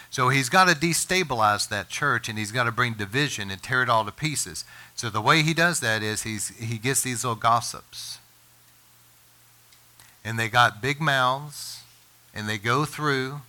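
A man preaching a sermon as pastor, earnest and impassioned, his voice climbing higher and louder when he presses a point. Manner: impassioned preaching, rises in pitch and volume when emphatic.

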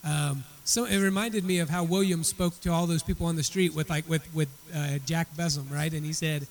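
A man's voice: on the high side, steady tone, normal speed, rough recording. A man teaching a church Bible study. He retells a story in a conversational way and often repeats words as he restarts his sentences.

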